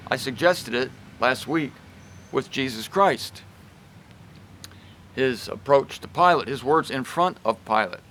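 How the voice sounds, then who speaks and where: A man giving a casual, emphatic Bible teaching talk with a wry, lively delivery. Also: a little high, a little hiss or hum. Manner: emphatic and wry, shifts pace and loudness a lot.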